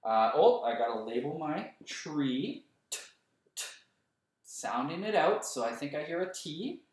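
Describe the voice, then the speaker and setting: A male kindergarten teacher leading a writing lesson for young children, slowly sounding out words letter by letter. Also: fairly high pitch, animated. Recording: roomy echo, voice a bit far from the mic.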